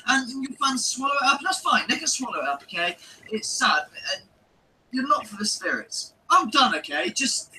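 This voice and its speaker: Man venting in a furious, mocking monologue; piercing bright tone, faint noise on a distant mic. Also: very high-pitched, very animated, normal speed. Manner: heated, sweary, sarcastic. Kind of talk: angry ranting video monologue.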